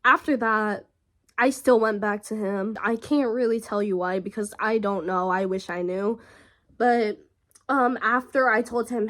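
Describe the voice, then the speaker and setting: A young woman vlogger telling a personal story in a halting, emotional way, with frequent fillers and pauses. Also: medium pitch.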